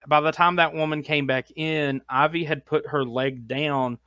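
Podcast co-host, male, a touch high-pitched, dry close sound, loose rambling storyteller who fills every pause with "like.". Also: fairly even intonation, pushed and bright, clear, resonant tone, no room sound. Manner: rambling anecdotes, heavy use of "like", laughs often. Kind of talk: casual chat, storytelling.

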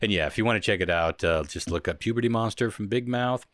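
A man with a very low voice, hosting a casual podcast chat, reading listener letters and laughing often. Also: fast, a bit bright, no echo, studio quality. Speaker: podcast host.

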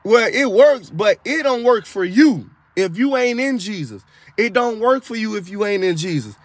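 A man's voice: high voice, expressive, normal speed, no echo. A man telling the story of a dream in a casual, emphatic testimony style, repeating himself for effect and dropping into preachy asides. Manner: casual colloquial speech. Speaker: video creator retelling a dream.

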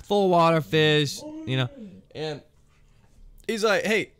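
A man's voice: fairly high pitch, slow, fairly bright tone. A young man and former military firefighter, telling rambling, wry stories in a casual vlog. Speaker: firefighter storyteller.

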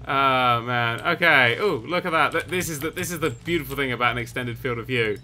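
A young man commentating his own game, jumpy and quick to yelp and swear when startled. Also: medium pitch, sharp tone. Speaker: gaming YouTuber. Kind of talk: let's play commentary.

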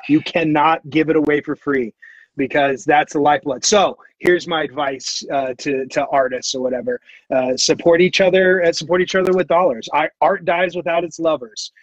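Man guest on a talk show, fairly high voice, rambling and filler-heavy, dry lo-fi sound. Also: normal speed, dry recording. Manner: rambling, full of fillers and restarts. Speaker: podcast guest, artist. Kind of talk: casual storytelling.

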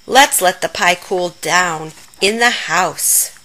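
A woman's voice: fairly low pitch, slow, pushed and bright, rough recording. A woman voicing a good-humored, playful father in a storybook reading. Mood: teasing.

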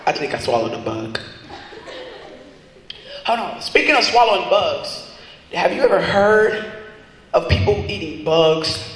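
A young man doing a rambling stand-up comedy routine with goofy, deadpan asides at a talent show. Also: sits high, a little slow, pauses often, noisy background. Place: large school hall with audience. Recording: echoey hall, crowd behind.

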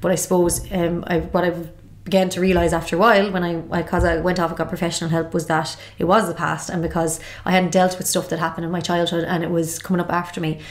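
A woman's voice: on the low side, flat delivery, fast. A woman in her thirties from Galway with an Irish accent, openly telling her own story as a podcast guest in a reflective way. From Galway, Ireland. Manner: reflective, open, lots of "like" and "kind of". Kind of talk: candid personal storytelling.

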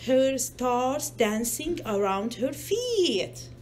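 A woman with a fairly high voice reads a picture book aloud to her child, slowly and patiently. She pauses often to coax answers out of the child, speaking simple non-native English. Her pitch swings widely as she acts out the story, with a faint hiss in the background. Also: very animated. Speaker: parent reading to a child.

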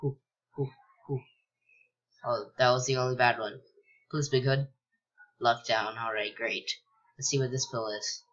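A young man casually commentating a video game he's playing, rambling with lots of ums and likes and sudden excited yelps. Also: mid-range voice, normal speed, long pauses, muffled recording. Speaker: gameplay commentator. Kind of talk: casual let's-play commentary.

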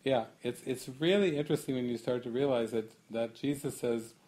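A man leading a spiritual gathering with a mid-range voice that is neither high nor low. He muses and poses questions, breaks into laughter often, and draws out his key phrases slowly. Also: a little mellow. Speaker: spiritual teacher. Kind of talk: talk to a gathering.

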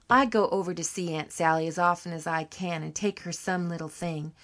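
A woman reading an audiobook, voicing a cheery, warm-hearted country farm wife with a folksy rustic dialect. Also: fairly low pitch, lightly acted.

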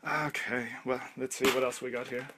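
A man's voice: mid-range voice, level tone, normal speed, pushed and bright. A man doing a comedic parody toy review, ranting in exasperation and stammering over his words.

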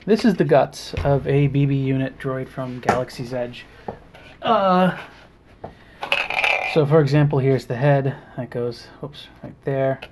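A man's voice: mid-range voice, very noisy. Hesitant man showing a homemade gadget. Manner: halting, many pauses and fillers. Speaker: hobbyist maker. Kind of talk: casual demonstration.

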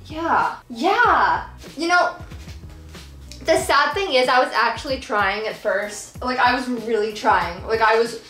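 Young female vlogger, rambling giggly chatter, slightly high voice, roomy echo. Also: animated, takes it slowly. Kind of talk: casual chat while painting. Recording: echoey room with soft background music.

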